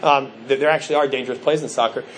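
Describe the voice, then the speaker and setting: A middle-aged male pastor preaching a sermon, telling stories with animated, acted-out quotes. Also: mid-range voice, very fast, a little hiss or hum. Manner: animated storytelling, acts out quoted voices.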